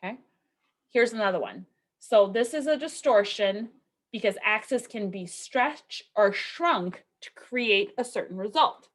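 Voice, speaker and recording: A woman's voice: mid-range voice, expressive, unhurried. Lady teaching stats on a recorded lecture, chatty, keeps saying okay and right. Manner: conversational, asks rhetorical questions, frequent okay and right. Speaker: statistics instructor.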